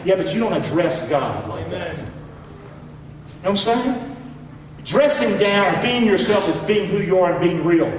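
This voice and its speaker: A man pastor preaching a sermon to his congregation, calling for responses and swinging between loud shouts and low asides. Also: expressive, moderate pace, long pauses, a little hiss or hum. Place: church sanctuary. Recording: echoey hall, mic far off.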